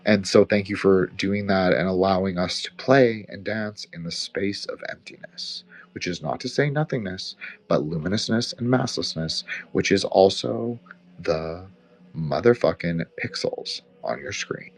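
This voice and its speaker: The host of a live audio chat has a deep voice, a measured pace, and a slight Quebecois accent. His casual closing remarks are rambling and profane, full of fillers.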